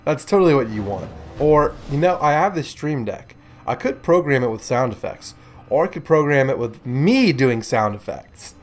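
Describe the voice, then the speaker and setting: A man's voice: medium pitch, animated, normal speed. Man joking through game commentary. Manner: chatty, joking, rambling asides. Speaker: gameplay commentator.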